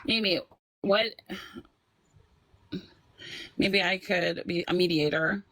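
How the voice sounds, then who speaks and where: Pleading moderator calming a heated panel. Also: medium pitch, moderate pace, low-quality recording. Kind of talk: moderating a live discussion.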